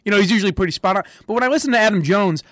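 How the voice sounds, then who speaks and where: A man hosts a sports radio podcast in a high-pitched, racing voice, recorded dry at studio quality. He chats casually and opinionatedly, rambling, laughing often and restarting his sentences.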